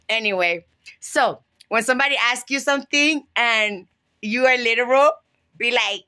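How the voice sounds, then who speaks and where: A woman's voice: a little high, moderate pace, sharp tone, clean tone. A woman vlogging in a casual storytelling way, chatty and self-amused, laughing often at her own jokes.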